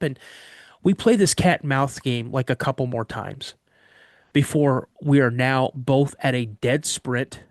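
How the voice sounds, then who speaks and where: A man casually recounting a story from his childhood in first person, animated and vivid, often restarting mid-sentence. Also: medium pitch, unhurried, no room sound, clean studio sound. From Washington state. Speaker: guest telling an encounter story.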